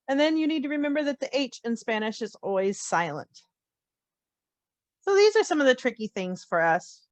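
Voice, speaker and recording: A woman teaching a phonics lesson, slowly spelling out letter sounds with clear, deliberate enunciation. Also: medium pitch, no room sound. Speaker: Spanish teacher. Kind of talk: slow, careful phonics lesson.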